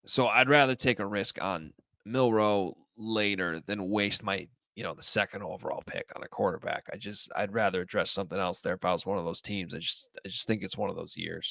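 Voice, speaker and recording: A man in casual sports chat, animated and jokey, often trailing off and restarting. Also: lowish voice, vocal fry, dry recording, clean studio sound. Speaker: sports podcaster.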